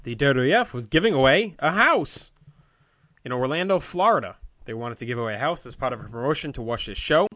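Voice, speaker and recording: A man's voice: mid-range voice, animated, fairly quick, fairly bright tone, dry recording. A man co-hosting a podcast, casually recounting memories with fillers and the odd laugh. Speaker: podcast co-host. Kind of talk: casual chat recalling old wrestling shows.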